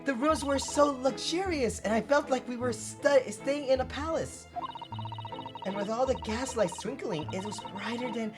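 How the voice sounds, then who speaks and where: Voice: high-pitched, moderate pace, music in the background, pitched above the performer's own voice, close to an everyday voice. A gamer reading out the lines of a polite young Japanese woman assistant, earnest and courteous. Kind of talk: reading game dialogue aloud.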